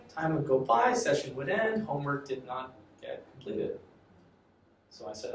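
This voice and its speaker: A man's voice: mid-range voice, animated, normal speed. A man giving a classroom lecture in a conversational way, often repeating and restarting phrases. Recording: echoey classroom from far off, faint noise.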